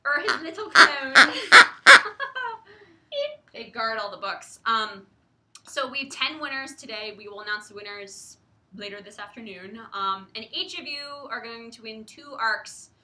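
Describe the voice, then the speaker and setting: Young woman co-host, chatty and giggly, very bright tone, echoey room. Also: on the high side, normal speed. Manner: chatty, giggly, many likes and ums. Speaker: publisher livestream co-host. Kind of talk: casual chat.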